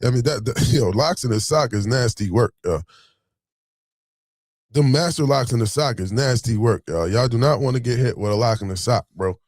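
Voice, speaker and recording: New guy telling a wild story, swearing a lot, pretty animated, dead dry room. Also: mid-range voice, moderate pace, no echo. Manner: animated, streetwise, swears freely. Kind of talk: casual storytelling to camera.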